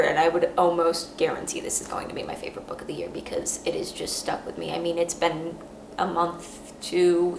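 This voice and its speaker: Earnest rambling woman in a roomy space. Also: on the low side. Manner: rambling, halting, many restarts; earnest and emotional. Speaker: podcast host. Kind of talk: casual book review monologue. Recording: roomy echo, faint background hum.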